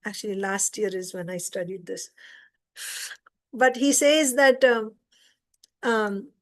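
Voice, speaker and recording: A woman's voice: medium pitch, fairly even intonation, takes it slowly. A woman teaching an informal scripture class, retelling a story conversationally and stopping to explain.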